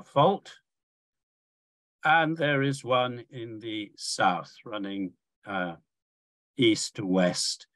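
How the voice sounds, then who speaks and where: An older man giving a measured academic lecture from slides, pausing often with fillers and restarts. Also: on the low side, dry recording.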